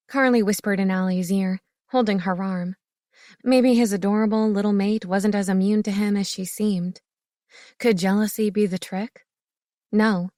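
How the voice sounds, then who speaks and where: A woman reading an audiobook narration in a steady, expressive way. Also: mid-range voice, no echo, studio quality. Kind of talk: scripted narration.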